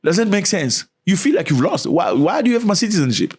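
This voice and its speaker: A man's voice: high voice, sing-song, fast talker, a little mellow, slightly rough. A man hosting an opinion vlog, talking in an emphatic, preachy way and jumping his voice up to stress his points. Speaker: host.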